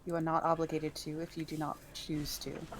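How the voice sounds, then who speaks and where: A woman playing a tabletop game who shifts into formal, measured in-character speech. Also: low-pitched, monotone, a little hiss or hum. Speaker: player. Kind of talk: casual tabletop play with in-character lines.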